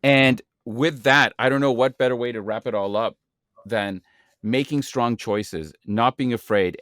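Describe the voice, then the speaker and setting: A man's voice: mid-range voice, no echo. Brief: male host, encouraging acting coach tone, dry close mic. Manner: earnest, encouraging, lesson-wrapping. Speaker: podcast host. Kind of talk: acting-coach podcast talk.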